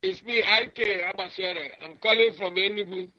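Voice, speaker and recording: An older caller calling a radio show over the internet, making firm, rousing declarations. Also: male voice, high-pitched, fairly even intonation, moderate pace, bright, forceful tone, no echo, dull audio.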